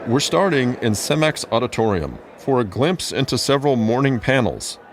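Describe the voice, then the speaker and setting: A man giving scripted podcast narration in a measured, even delivery. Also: medium pitch, slight background noise.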